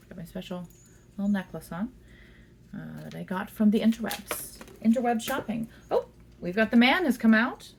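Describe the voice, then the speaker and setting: A woman's voice: medium pitch, creaky, a little mellow, a little hiss or hum. A woman giving a casual tarot reading at home, chatty and giggly, talking fondly to the cards. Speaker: tarot reader. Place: indoors at home.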